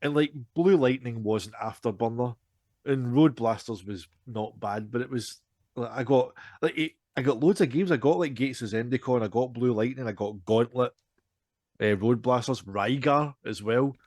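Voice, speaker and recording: A man, telling a lively, self-deprecating story on a casual podcast. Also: medium pitch, moderate pace, no room sound, studio quality. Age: 40s. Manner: animated, self-deprecating, frequent restarts and laughter. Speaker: podcast co-host.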